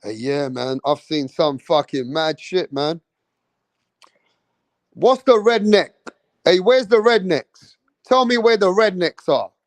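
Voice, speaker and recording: Slow-talking man on a livestream. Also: fairly high pitch, animated, dry recording. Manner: loose, rambling, swears freely, slangy. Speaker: livestream host. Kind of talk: casual livestream chat reading viewer comments.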